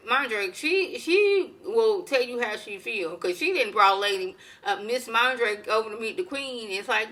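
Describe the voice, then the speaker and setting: Bright-voiced chatty woman recapping a show. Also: medium pitch. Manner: chatty, animated, colloquial, acts out quotes. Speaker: TV recap vlogger. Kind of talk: casual review chat.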